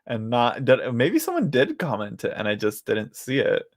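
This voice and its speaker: This man's medium-pitched voice swoops wildly as he speaks at a moderate pace, with no echo. He's a tarot reader hosting a casual home livestream, laughing often and narrating to himself as he works through the cards.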